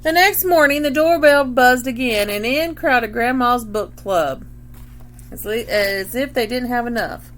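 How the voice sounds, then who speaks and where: A woman reading a picture book aloud to children, with an expressive delivery, stopping to point at the pictures and ask questions. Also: on the high side, unhurried. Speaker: read-aloud reader.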